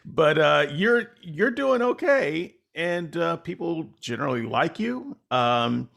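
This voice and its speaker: A man's voice: fairly high pitch, sing-song, slow pace, creaky, a bit bright. A man hosting a podcast, talking in a casual, rambling and self-deprecating way with lots of fillers. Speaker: podcast host. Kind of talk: casual conversational interview.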